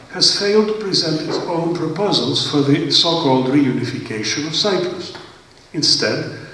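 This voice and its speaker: A man's voice: on the high side, sharp tone, a little hiss or hum. A man giving a formal seminar lecture, emphatic and with wry asides. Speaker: guest speaker at a seminar. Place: large lecture hall. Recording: echoey hall, voice from far off.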